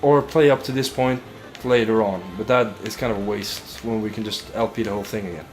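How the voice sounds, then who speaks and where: A man's voice: lowish voice, fairly even intonation, fairly quick, slight background noise. A young man chatting casually while playing a video game, rambling with frequent restarts. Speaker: let's play host. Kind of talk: casual gaming chat.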